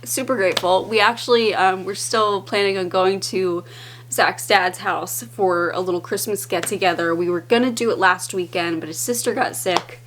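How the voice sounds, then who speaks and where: A woman's voice: medium pitch, fairly even intonation, normal speed, a bit bright, slight background noise. A woman talking casually to the camera in a home vlog, chatty and rambling, with lots of fillers and easy laughs. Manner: laughs easily. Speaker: vlogger. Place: indoors at home.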